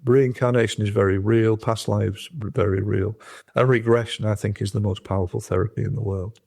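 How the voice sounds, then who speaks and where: A man's voice: on the low side, fairly even intonation, brisk, creaky, a little mellow. A man being interviewed as a hypnotherapist guest, speaking emphatically and insistently. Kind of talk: podcast interview.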